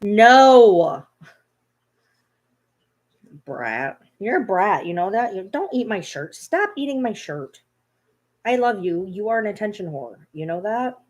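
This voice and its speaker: A woman's voice: medium pitch, very animated, normal speed. A woman vlogging casually at home, playfully scolding her dogs in a baby-talk tone. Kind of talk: casual vlog chat.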